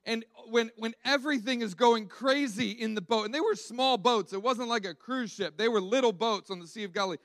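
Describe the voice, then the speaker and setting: A man's voice: very high voice, brisk, few pauses, fairly bright tone, dry recording. A man preaching a sermon in a conversational, emphatic way, often restarting and repeating words.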